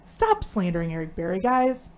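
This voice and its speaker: A woman co-hosting a live stream, talking casually and bluntly with lots of swearing and animated storytelling. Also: mid-range voice, moderate pace. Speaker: co-host.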